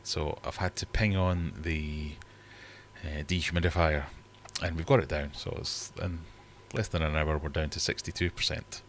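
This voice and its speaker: A man with a very deep, fairly bright voice speaks at a moderate pace with fairly even intonation, over slight background noise. He's a fishkeeper hosting a casual livestream from his fish room, chatting in a rambling, self-deprecating way.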